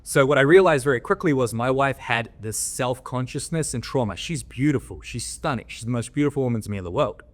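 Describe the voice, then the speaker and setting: A man's voice: mid-range voice, animated, brisk, few pauses. A man from Australia, a podcast guest and men's coach telling candid stories in a blunt, coaching tone and swearing freely. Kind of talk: candid interview storytelling.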